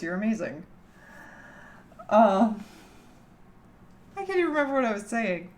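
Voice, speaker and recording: A woman's voice: medium pitch, sing-song, measured pace, long pauses, a little mellow. A young woman from Canada chatting casually with her livestream chat from home, teasing and laughing often. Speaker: streamer.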